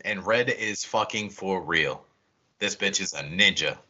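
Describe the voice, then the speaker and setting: A man's voice: sits low, measured pace. A man co-hosting a podcast, recapping a movie in casual, profane chat and acting out the quotes. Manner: animated storytelling with acted-out quotes. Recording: dull lo-fi recording.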